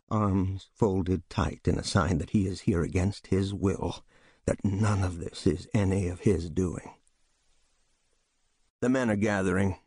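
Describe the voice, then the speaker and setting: Husky low man reading a novel. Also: no room sound, studio quality. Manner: measured, steady storytelling delivery. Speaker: audiobook reader. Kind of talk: scripted literary narration.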